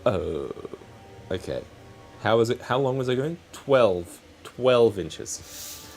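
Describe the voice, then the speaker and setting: A man's voice: mid-range voice, expressive, slow, a little mellow. A man hosting a casual live stream while crafting, chatting in a rambling, self-correcting way. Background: faint background music.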